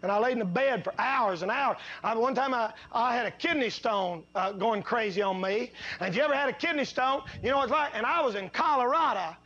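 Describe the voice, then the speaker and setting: A man preaching a sermon, telling folksy stories and swinging between low, quiet asides and loud, drawn-out preaching. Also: expressive, muffled recording. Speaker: pastor.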